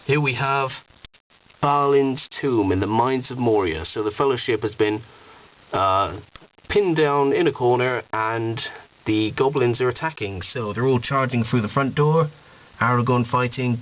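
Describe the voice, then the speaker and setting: A man giving a chatty, upbeat show-and-tell tour of his collection at home, with playful asides. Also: mid-range voice. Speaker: toy collection vlogger. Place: room at home with display shelves. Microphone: cheap digital camera. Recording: dull camera audio with faint hiss.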